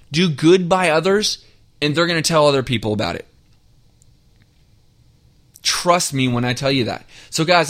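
A man hosting a podcast, talking straight to listeners in a direct, energetic coaching tone and driving his points home by repeating them. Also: on the high side. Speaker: podcast host. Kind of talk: motivational podcast monologue.

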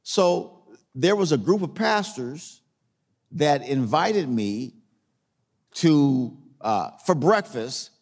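A man's voice: a little high, lively intonation, slow, darkish tone, long reverb tail. A man preaching a sermon as a pastor, telling a story in a conversational way and repeating phrases for emphasis.

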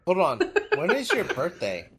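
Male regular, halting and defensive, pitch leaps from low mumbles to high. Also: wildly swooping pitch, a bit bright, breathy edge. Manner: defensive, halting, many fillers. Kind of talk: casual group chat.

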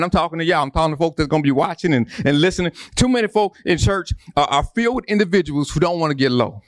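A man's voice: on the high side, dry recording. A man preaching a sermon, repeating phrases and building emphasis. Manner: preaching with repetition and rising emphasis. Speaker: pastor.

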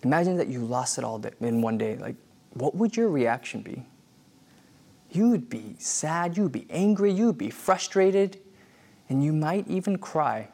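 A man's voice: on the high side, darkish tone. A man preaching a sermon in a conversational way, with many fillers and restarts. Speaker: pastor.

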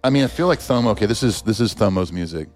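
Co-host: man, lowish voice, relaxed chat, faint music behind. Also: rapid-fire. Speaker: podcast co-host. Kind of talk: casual chat.

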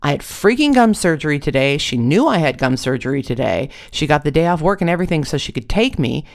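A blunt, brash young woman, fed up and swearing, as a storyteller puts her on. The voice sits a little higher and louder, with a gravelly edge. It is spoken in a storytelling read-aloud style. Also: very animated, fast. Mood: exasperated.

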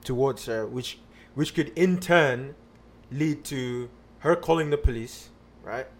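A man's voice: mid-range voice, slow pace. Rambling, filler-heavy man telling a story. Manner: rambling with many fillers and restarts. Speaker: podcast guest telling a personal story. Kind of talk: casual conversational storytelling.

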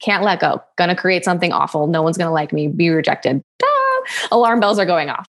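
A young adult woman tells a personal story in casual conversation, speaking fast in a lowish voice. She's candid and animated, laughing often and swearing casually.

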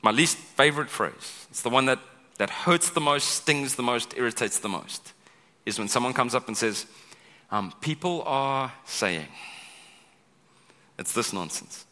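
A man preaching a sermon as pastor, chatty and animated, often checking in with "right?" and acting out quoted lines. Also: medium pitch, moderate pace. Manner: conversational, keeps asking "right?"; acts out quoted speech with big vocal swings. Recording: long hall reverb.

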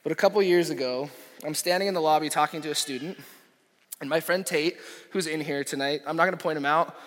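A young adult man, a pastor preaching a sermon, impassioned, rising to loud peaks and dropping to near whispers. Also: on the high side, fast. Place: church auditorium. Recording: echoey hall reverb.

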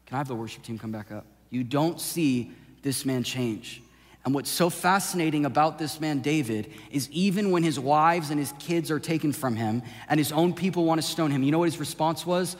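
A male pastor preaching a sermon, swinging from impassioned shouting down to a hushed, intimate delivery. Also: a little high, fairly quick, few pauses. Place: church sanctuary. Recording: long hall reverb with soft music behind.

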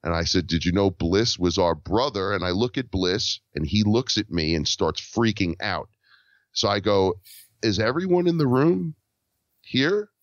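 A man's voice: low voice, moderate pace, no echo. A man telling a story in casual conversation as a podcast guest, acting out the lines of the people in it. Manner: animated, acts out quoted dialogue. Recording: dull lo-fi dry recording.

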